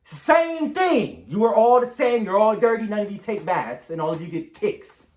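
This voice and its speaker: A man's voice: high voice, fairly quick, darkish tone, reverberant. A man hosting his channel, delivering an emphatic, repetitive, preaching monologue to the camera. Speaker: channel host.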